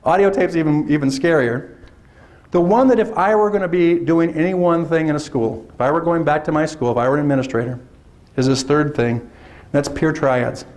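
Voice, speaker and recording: A man giving a lively workshop lecture to teachers, often acting out teachers in put-on voices. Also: fairly high pitch, a little fast. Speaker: workshop presenter. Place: lecture hall.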